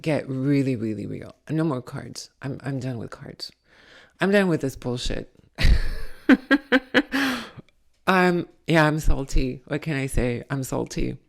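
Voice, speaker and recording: Woman channeling a salty, gravelly spirit. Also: extremely low pitch, darkish tone, full character voice. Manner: blunt, profane, scolding. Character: blunt, salty female spirit reading tarot. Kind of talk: channeled tarot reading.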